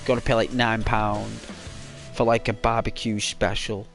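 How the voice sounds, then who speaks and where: A man's voice: lowish voice, flat delivery, a little slow, fairly bright tone, faint music behind. A man streaming a game and chatting casually to viewers, rambling with lots of fillers. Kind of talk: casual live-stream chat.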